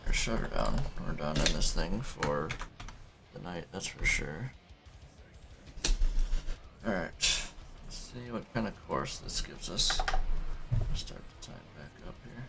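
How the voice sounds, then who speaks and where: Low, gravelly man streaming a farming game. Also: animated, unhurried, long pauses, loud music behind the voice. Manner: low-key, muttering to himself while playing. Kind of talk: casual gameplay commentary.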